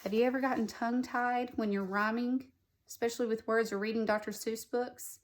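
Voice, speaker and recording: A woman, a first grade teacher, reading a picture book aloud to children and gently commenting on the pictures. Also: a little high, steady tone, a little fast.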